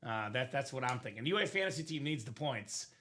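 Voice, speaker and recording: A man hosting a live sports memorabilia break stream from a studio break room, talking in upbeat, energetic sales banter with quick asides. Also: mid-range voice.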